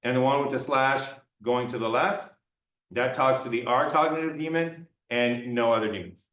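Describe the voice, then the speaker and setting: A man's voice: mid-range voice, normal speed, a bit bright. Male lecturer, playful, classroom lecture, distant mic, roomy echo. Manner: playful, acting out examples. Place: lecture room.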